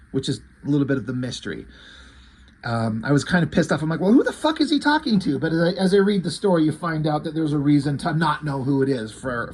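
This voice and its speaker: A man's voice: a little high, slightly rough. A man casually reviewing a comic book, rambling, swearing, and retelling the story. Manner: rambling, profane, enthusiastic.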